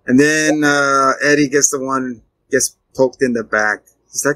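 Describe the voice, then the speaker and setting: A man chatting casually as a podcast co-host, retelling a film with animated character voices. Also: fairly high pitch, moderate pace, hardly any pauses, no room sound, low-quality recording. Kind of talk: casual chat.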